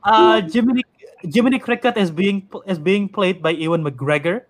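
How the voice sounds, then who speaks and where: A man hosting a casual podcast chat, animated and rambling, laughing easily. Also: high voice, normal speed, a loud crowd. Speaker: podcast host.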